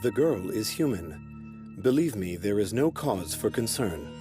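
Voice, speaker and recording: An actor voicing a towering, gentle golem lord who speaks slowly and solemnly in an anime dub. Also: male voice, fairly low pitch, sing-song, music in the background. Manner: slow, measured and solemn.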